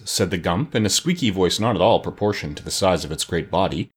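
Guy narrating an old storybook, low voice, lots of ups and downs, a bit husky. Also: normal speed, hardly any pauses. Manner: animated, expressive reading. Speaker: audiobook narrator. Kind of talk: scripted narration.

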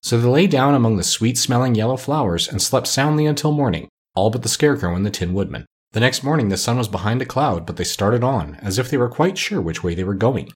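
A man narrating a children's storybook aloud in a measured, unhurried way. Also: fairly low pitch, animated, husky.

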